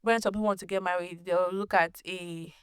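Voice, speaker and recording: A woman hosting her own podcast, telling a personal story in a casual, animated way, laughing often and restarting sentences. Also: fairly low pitch, fairly quick, smooth, no echo, studio quality. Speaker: podcast host.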